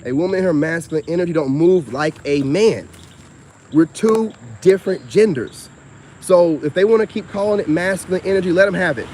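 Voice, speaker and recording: Casting: man, slightly high voice, rambling casual vlog monologue outdoors, faint crickets behind. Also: animated, brisk, darkish tone, slight background noise. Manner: loose, rambling, talks straight to a viewer. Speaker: vlogger. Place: outdoors by a road.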